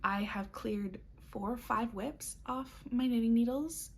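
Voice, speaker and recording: Chatty woman with a husky, gravelly voice. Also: on the high side, a little slow. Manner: chatty, upbeat, frequent ums and small laughs. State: has the hiccups. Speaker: knitting vlogger. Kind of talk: casual chat.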